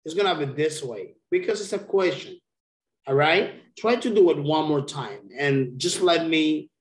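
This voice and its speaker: A man's voice: on the high side, echoey room. A man teaching English in an online lesson, patiently explaining pronunciation and encouraging his student. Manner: patient, encouraging, slow and deliberate.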